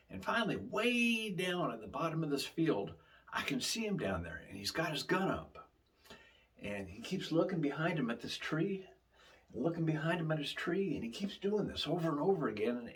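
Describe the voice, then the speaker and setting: A man's voice: on the high side, a bit bright. A man hosting his channel, telling a casual story in a rambling way with frequent fillers. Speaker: channel host.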